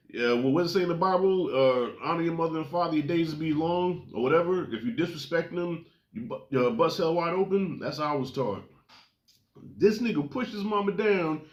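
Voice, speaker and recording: Animated man reviewing a movie, echoey room. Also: on the high side. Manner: animated, profane, jokey storytelling. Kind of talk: casual spoken film review.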